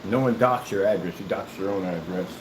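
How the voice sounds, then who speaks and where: A man's voice: deep voice, brisk, roomy sound, noisy background. Combative, mocking man ranting. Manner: repeats himself often. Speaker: YouTuber. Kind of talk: ranting callout video.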